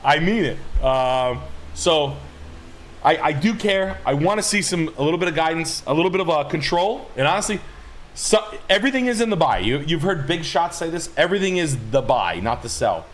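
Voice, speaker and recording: A man's voice: fairly high pitch, expressive, moderate pace. A man hosting a stream, talking in a rambling, profane and impassioned way. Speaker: streamer host. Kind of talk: rambling casual stream talk.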